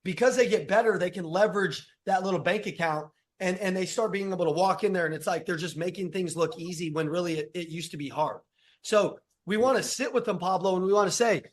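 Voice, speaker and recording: A man's voice: sits high, a little fast. A man coaching a sales team in a punchy, repetitive, fired-up style, addressing team members by name. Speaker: sales trainer. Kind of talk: energetic sales coaching talk.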